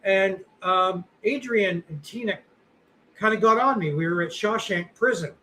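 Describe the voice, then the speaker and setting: A man's voice: sits high, unhurried, pushed and bright, a little hiss or hum, poor audio. A middle-aged man co-hosting a podcast, chatting casually in a rambling, self-deprecating way with lots of fillers. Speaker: podcast co-host. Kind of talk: casual chat.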